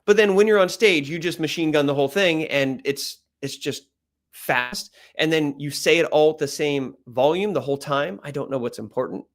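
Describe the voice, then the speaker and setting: Loud, animated man coaching speakers. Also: fairly quick, few pauses. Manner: animated, plays with speed, loudness and pitch for emphasis; loud, high energy. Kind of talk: energetic presentation coaching.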